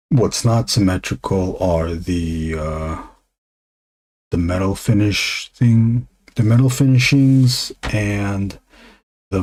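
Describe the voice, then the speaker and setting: A man streaming live while drawing comics, talking low and half-whispered into a desk microphone, musing with pauses. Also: dark tone.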